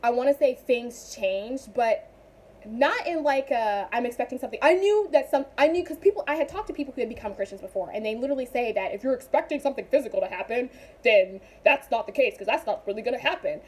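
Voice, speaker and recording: Chatty young woman with a high voice. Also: fast, husky. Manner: chatty, animated, rambling with asides. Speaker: vlogger. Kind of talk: casual testimony vlog.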